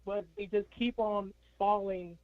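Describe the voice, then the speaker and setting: Dzwoniący mężczyzna o wysokim głosie, pełno „like” i zacięć, głuchy dźwięk połączenia. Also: male voice, high-pitched, fairly even intonation, measured pace, no room sound. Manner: stammering, many fillers. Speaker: caller. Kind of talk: casual sports chat. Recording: dull call-in audio.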